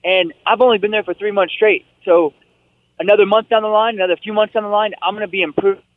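A man in his twenties talking as a guest fighter by phone, relaxed and rambling with fillers. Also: high voice, quick pace, no echo. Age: 20s. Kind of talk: casual phone interview. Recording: tinny phone line.

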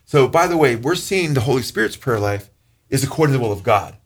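A pastor preaching to his congregation in an earnest, conversational way. His voice climbs sharply when he stresses a point. He slows down for scripture passages. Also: animated, breathy edge. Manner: earnest, rises in pitch for emphasis, slows when reading scripture. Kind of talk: sermon teaching.

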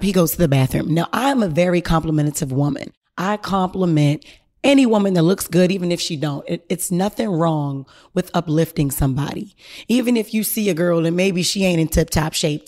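Lively, profane woman podcaster telling a story. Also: fairly low pitch. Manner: animated, slangy and profane, addressing listeners directly. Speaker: podcast host. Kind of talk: casual storytelling.

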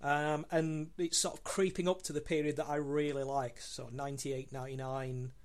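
A man joins a podcast as co-host and talks with eager enthusiasm. His voice sits slightly high, and he often restarts his sentences with ums. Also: flat delivery, normal speed. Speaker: guest co-host. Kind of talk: casual podcast discussion.

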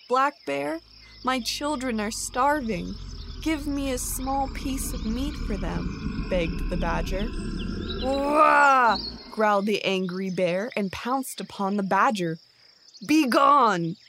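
A woman narrating a bedtime story in a slow, soothing way. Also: mid-range voice, a little hiss or hum.

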